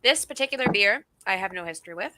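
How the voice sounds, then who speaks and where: A woman's voice: mid-range voice, animated, fast talker, pushed and bright, a little hiss or hum. A woman in casual livestream chat, blunt and joking.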